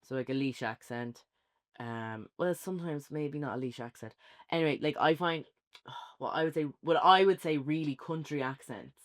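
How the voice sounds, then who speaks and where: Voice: mid-range voice, normal speed. An Irish speaker co-hosting a casual film review, chatty and rambling with many fillers.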